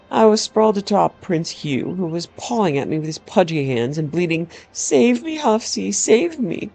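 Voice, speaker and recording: Warm-voiced woman reading a story. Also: sits low. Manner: wry, dramatic first-person storytelling. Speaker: narrator.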